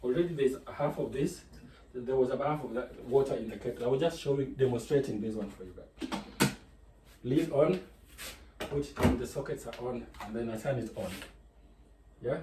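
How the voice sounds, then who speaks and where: A man's voice: mid-range voice, normal speed, long pauses. A man with a Kenyan accent giving a chatty, digressive home cooking tutorial from his kitchen, explaining each step. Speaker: home cook. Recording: echoey kitchen with faint noise.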